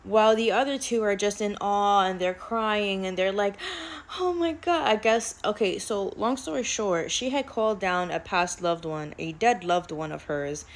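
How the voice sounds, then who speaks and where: A woman's voice: mid-range voice, fairly even intonation, moderate pace, few pauses. A woman casually telling a personal spiritual story, chatty and rambling, peppered with "like.". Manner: chatty, rambling, heavy use of "like".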